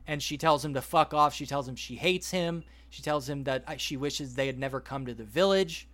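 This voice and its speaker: A man on a podcast, retelling a story at length in a rambling, animated way and quoting the characters as he goes. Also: mid-range voice, fairly quick. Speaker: podcast host. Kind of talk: casual podcast chat, retelling a plot.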